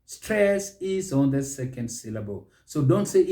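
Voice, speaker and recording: A man teaching pronunciation, slowly repeating each word several times for learners to copy. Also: medium pitch, very animated, warm tone, reverberant. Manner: slow, deliberate, repeats words for drilling. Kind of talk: instructional pronunciation lesson.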